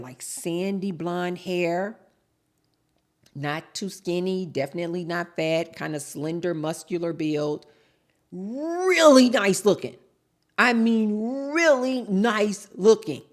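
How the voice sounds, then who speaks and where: A woman vlogger chatting casually to her viewers, telling a story and acting out both sides of the dialogue. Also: low voice. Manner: chatty, storytelling, addresses viewers as you guys; acts out both sides of quoted exchanges.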